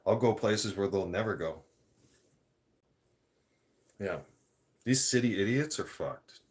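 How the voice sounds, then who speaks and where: A man ranting in a vlog, blunt and profane, rambling and restarting his sentences. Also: lowish voice. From Canada. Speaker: vlogger.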